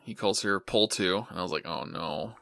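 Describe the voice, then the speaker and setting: A man's voice: fairly low pitch, fairly even intonation, a little fast, a bit bright, no room sound. A man co-hosting a casual anime podcast, laid-back and chuckling as he retells the plot. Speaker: podcast co-host. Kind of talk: casual anime recap chat.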